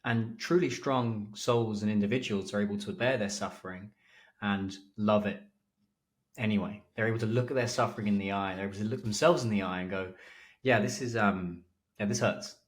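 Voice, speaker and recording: A man hosting a mental performance coaching podcast, speaking in an earnest, motivational, measured way. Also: on the low side, steady tone.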